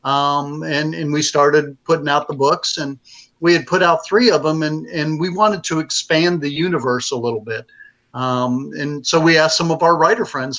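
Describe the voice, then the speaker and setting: A man's voice: on the high side, fairly even intonation, moderate pace, a bit bright. A man with a slightly raised voice talks through his story in a casual interview. He rambles, restarts his sentences and fills the gaps with "um" and "uh". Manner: rambling, many fillers and restarts. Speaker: publisher and author.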